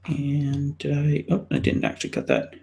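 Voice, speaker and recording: A man talks his way through a drawing on a live stream, rambling and muttering to himself with plenty of ums. He speaks slowly, but his pitch swings widely up and down. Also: huge pitch swings, gravelly, darkish tone, a little hiss or hum. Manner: rambling, self-talking, scattered fillers. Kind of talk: casual live-stream commentary while drawing.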